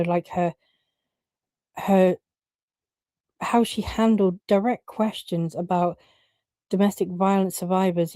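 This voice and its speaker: A woman's voice: medium pitch, dark tone, dry recording. A woman giving casual opinion commentary, blunt and opinionated, swearing and using lots of fillers.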